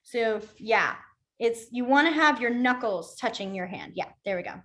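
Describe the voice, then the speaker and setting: A woman's voice: a little high, expressive, a bit bright. Chatty woman teaching a class. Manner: chatty, laughs often, quick asides. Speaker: sign language teacher. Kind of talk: casual online class instruction.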